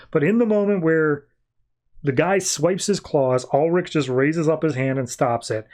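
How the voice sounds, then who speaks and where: A man's voice: on the high side, unhurried, a little mellow. A man hosting a podcast, recapping a comic book in a rambling, informal way with many fillers. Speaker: podcast host.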